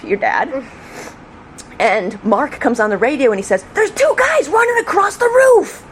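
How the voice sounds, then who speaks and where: A middle-aged woman who was a police officer tells a story in an interview, acting out the shouts. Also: medium pitch. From New York State. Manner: lively, acts out the shouts. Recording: faint background noise.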